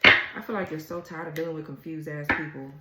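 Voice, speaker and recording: A woman's voice: deep voice, fairly even intonation, fairly quick, roomy sound, heavy background noise. A woman doing a casual tarot reading, blunt and exasperated, swearing freely as she reads the cards. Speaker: tarot reader.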